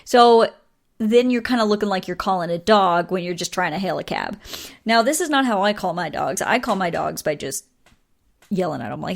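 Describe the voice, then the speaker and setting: A woman's voice: mid-range voice, animated, moderate pace, vocal fry. A woman from the United States hosting a podcast solo, chatting casually with many fillers and small laughs. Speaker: podcast host.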